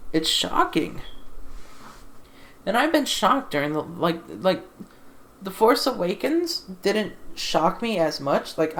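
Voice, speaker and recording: A woman giving a casual, exasperated film review into a desktop USB microphone while seated at home, repeating herself and swearing. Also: mid-range voice. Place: sitting in a chair at home.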